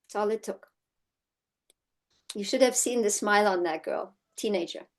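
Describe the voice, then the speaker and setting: A middle-aged woman teaching an online horsemanship course in a casual, storytelling way, often checking in with "right?" and acting out quotes in lively voices. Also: medium pitch, moderate pace. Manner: chatty storytelling, frequent "right?" tag questions; acts out quotes in animated voices. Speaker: horsemanship instructor.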